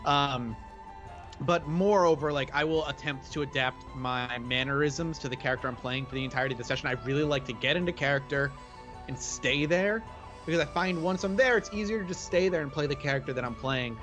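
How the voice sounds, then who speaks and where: Earnest guest with a bright voice. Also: male voice, on the high side, a little fast, soft background music. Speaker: guest player. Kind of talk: casual live-stream chat.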